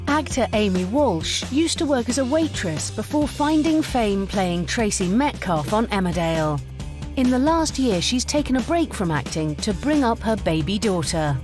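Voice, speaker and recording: A woman's voice: a little high, expressive, moderate pace, music in the background. Woman narrating scripted introductions.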